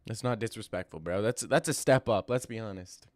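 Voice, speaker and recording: A man's voice: lowish voice, a little fast, hardly any pauses, a little mellow, dry recording. A young man streaming and answering his chat in a joking, stammering banter, recorded close and dry. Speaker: streamer reacting to fight news and chat. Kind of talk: casual live-stream chat.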